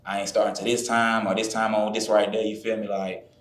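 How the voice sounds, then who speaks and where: A man's voice: on the low side, flat delivery, a little fast, a bit bright. A man from Florida, a trainer reflecting openly in casual podcast talk, often checking in with his listener. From Florida, USA. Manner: reflective, keeps saying "you feel me". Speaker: podcast guest, fitness trainer. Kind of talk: casual conversation. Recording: roomy echo.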